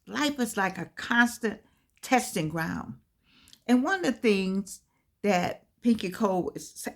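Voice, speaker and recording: A woman in her eighties giving an inspirational talk in an earnest, preaching cadence, full of repeated words and restarts. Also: on the high side. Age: 80s. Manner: repetitive, many stammered restarts. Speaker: motivational speaker.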